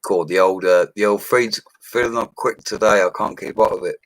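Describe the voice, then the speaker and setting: An Englishman in his forties chats on a live stream in a rambling, slangy way. His voice sits very low. It is recorded close and dry on a mic. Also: steady tone, moderate pace, no echo, rough recording. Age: 40s. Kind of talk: casual live-stream chat.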